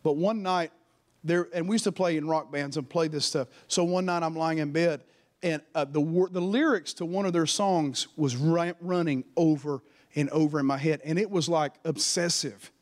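High-voiced man preaching a fervent sermon. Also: steady tone, normal speed. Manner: fervent, personal storytelling with calls to the congregation.

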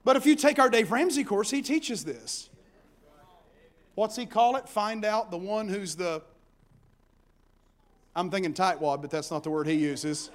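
Preacher guy, real high voice, folksy, yells the big lines. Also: a little slow, long pauses. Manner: folksy, animated preaching with shouted peaks. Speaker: pastor. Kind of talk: sermon.

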